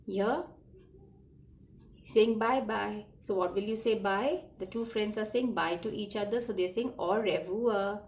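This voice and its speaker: A woman's voice: medium pitch, a little slow, darkish tone. A woman teaching a children's French lesson, patiently repeating phrases and spelling words out letter by letter. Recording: echoey room, faint background noise.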